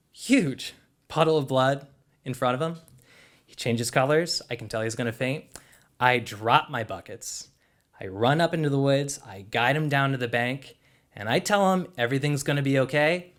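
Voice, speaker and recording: A young man telling a personal story live on stage, in an animated, conversational way with lots of "like". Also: mid-range voice.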